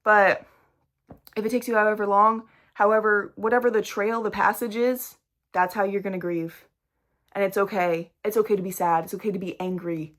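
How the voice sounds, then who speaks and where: A woman's voice: medium pitch, fairly even intonation, moderate pace. A young adult woman speaking candidly to a camera, blunt and emphatic, swearing freely. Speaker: vlogger. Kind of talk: candid personal talk to camera. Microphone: device recording while talking to a screen.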